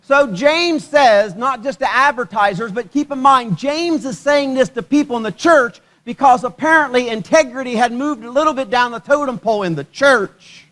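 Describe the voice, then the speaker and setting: High-voiced man preaching with humor. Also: moderate pace, few pauses, a bit bright. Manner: conversational, joking, questions the congregation. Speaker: pastor. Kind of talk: sermon. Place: church service.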